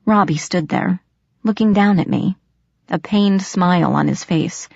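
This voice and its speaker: A woman narrating an audiobook in first person, expressive and storytelling. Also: on the low side, measured pace, creaky, dry recording. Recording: dry, slightly dull audio.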